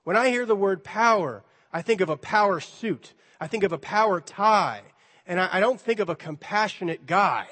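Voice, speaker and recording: High-pitched guy preaching a sermon, chatty, acts out the dialogue, big reverb-y church hall. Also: expressive, normal speed, pushed and bright. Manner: conversational, playfully acts out dialogue. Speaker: pastor.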